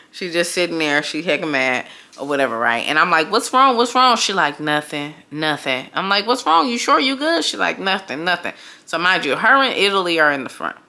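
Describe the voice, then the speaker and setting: A woman's voice: lowish voice, bright, forceful tone. A woman vlogger telling a story in a casual, slangy way, acting out the voices of her friends.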